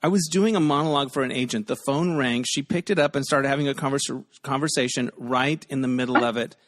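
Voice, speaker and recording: A man hosting a podcast game over a video call, upbeat and quick with puns, laughing often. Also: mid-range voice. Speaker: podcast host.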